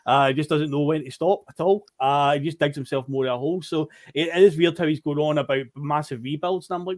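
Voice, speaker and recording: A man's voice: a little high, steady tone, fast talker, hardly any pauses, darkish tone. A Scottish man co-hosting a podcast, chatting casually and mockingly about football. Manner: chatty, mocking, acts out quotes. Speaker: podcast co-host.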